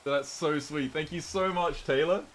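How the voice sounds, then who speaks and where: A man's voice: a little high, measured pace, a bit bright, a little hiss or hum. A British man streaming a game, chatting casually and rambling as he reads viewer messages aloud. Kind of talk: casual gameplay chat.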